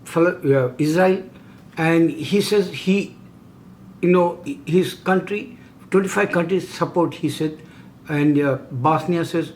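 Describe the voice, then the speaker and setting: A middle-aged man delivering an impassioned religious monologue in broken, non-native English. His voice sits a little high for a man, and he presses his points with repeated emphatic rhetorical questions. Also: expressive, slow pace, a little hiss or hum. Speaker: video host.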